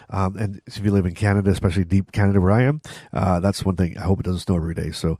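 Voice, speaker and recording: Mellow low-voiced man chatting to camera. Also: very fast, breathy edge, no room sound, clean studio sound. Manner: chatty, direct, frequent restarts and asides to the viewer. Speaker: vlog host. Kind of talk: casual talk to camera.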